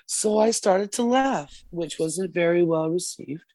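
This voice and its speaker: A woman's voice: lowish voice, unhurried, warm tone, dry recording. A woman guest on a casual podcast, telling a story with lots of swearing and acted-out quotes. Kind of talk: casual chat. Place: podcast studio.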